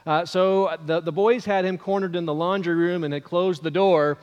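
High-voiced man preaching a sermon. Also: steady tone, a little mellow, smooth, dull audio. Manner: earnest, storytelling with many "uh" pauses. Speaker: pastor. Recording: long reverb of a large hall.

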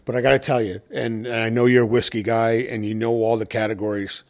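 A man's voice: mid-range voice, little pitch movement, fast, a little mellow. A man speaking as a cocktail educator in a casual conversation, telling anecdotes and acting out what people said. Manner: anecdotal storytelling, acting out quoted exchanges.

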